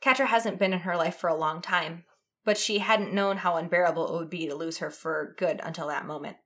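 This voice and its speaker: A woman reading fan fiction aloud in an expressive, dramatic way. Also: fairly low pitch, a little fast. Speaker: reader.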